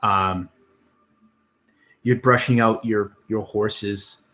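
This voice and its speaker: A man's voice: lowish voice, steady tone, drawn-out words, sharp tone. A man narrating scenes as game master of a tabletop game, with many ums and restarts.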